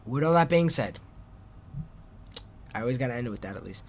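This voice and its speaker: A man's voice: fairly high pitch, huge pitch swings, fairly quick, pauses often, fairly bright tone. Rambling young man hosting a solo podcast. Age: young adult. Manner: rambling and self-deprecating, trailing off in restarts. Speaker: podcast host. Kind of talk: solo wrestling podcast monologue.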